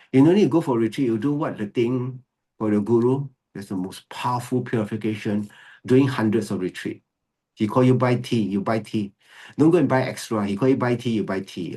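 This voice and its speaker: Male monk teacher with a husky, fairly low voice. Teaches dharma loosely, repeats his points. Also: dark tone. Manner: mixes English with Mandarin phrases, laughs often; repeats key phrases for emphasis.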